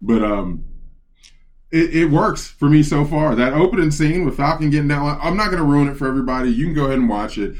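A man co-hosting a podcast in casual chat, rambling and swearing freely as he gets excited telling stories. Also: on the high side, brisk. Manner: profane, rambling, excitable storyteller. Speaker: podcast co-host.

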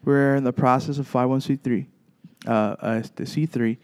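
Mellow-voiced man telling ghost stories. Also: medium pitch, fairly even intonation. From Texas. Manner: halting, many fillers and restarts, acts out dialogue. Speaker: paranormal investigation group leader. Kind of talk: storytelling guest chat.

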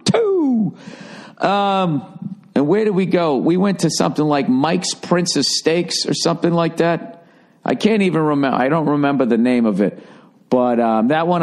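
A middle-aged man from the Boston area hosting a podcast, telling a rambling, profanity-laced story in a casual monologue. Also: medium pitch. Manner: profane, rambling, animated when doing quoted voices. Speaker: podcast host.

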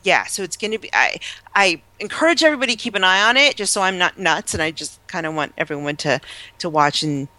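A woman chatting casually as a podcast co-host, animated and gossipy, acting out the people she quotes. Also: fairly low pitch, fast talker, no room sound. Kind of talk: casual chat.

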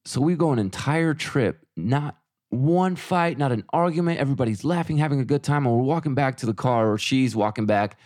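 A man's voice: mid-range voice, lively intonation, fairly quick, a little mellow, dry recording, clean studio sound. A middle-aged man co-hosting a podcast, telling a story in casual chat and quoting himself and his wife. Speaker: podcast co-host.

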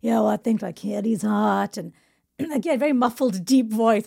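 A woman's voice: medium pitch, moderate pace, gravelly, mellow, slightly rough. A woman comedian on a podcast, casually telling a story from her school days, restarting often and laughing. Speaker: comedian guest.

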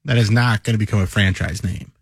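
A man's voice: on the low side, fairly even intonation, quick pace, creaky, breathy edge, dry recording, studio quality. A man co-hosting a radio talk show, cutting in with wry one-liners. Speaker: radio co-host. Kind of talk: casual talk radio banter. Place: radio studio.

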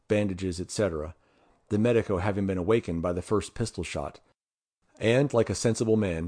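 A man narrating an adventure novel in a measured way, lifting his voice for the dialogue. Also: mellow. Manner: measured, voices characters with raised pitch. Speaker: audiobook reader.

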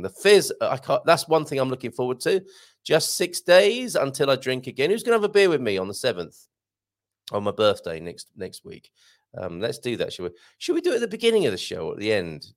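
A man's voice: mid-range voice, vocal fry. A man hosting a casual live show, reading out viewer comments and chatting, often interrupting himself and laughing at his own jokes.

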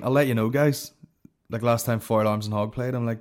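A Northern Irish man hosting a comedy podcast, rambling through stories and plugs while swearing at nearly every turn. His voice sits at an ordinary middle pitch for a man, and the talk is loose and off the cuff. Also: steady tone, brisk, a little mellow. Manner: profane, rambling, swears constantly. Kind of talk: casual comedic rant.

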